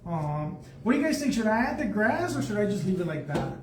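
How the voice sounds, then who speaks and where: Man, high voice, casual live painting instructor who muses as he works; echoey room, faint background noise. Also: very animated, a little fast, recorded from a distance. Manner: chatty, thinks aloud while painting. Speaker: art instructor.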